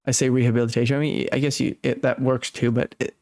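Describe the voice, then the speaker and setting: A man's voice: medium pitch, level tone, fast, a little mellow. A man hosting a podcast, reacting to a clip with emphatic commentary and repeating phrases as he searches for words. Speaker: podcast host.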